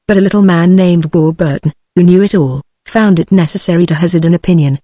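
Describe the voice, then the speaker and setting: Reading a story aloud audiobook-style, a British-accented text-to-speech female voice keeps an even, measured pace. It is lowish in pitch, recorded cleanly in a studio with no room sound.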